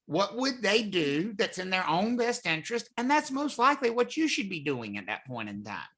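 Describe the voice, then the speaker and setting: Man, real estate instructor, bright forward voice, chatty lecture, quizzes the class. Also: sits high, big pitch swings, moderate pace. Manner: conversational, asks the class questions often. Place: classroom or live online class.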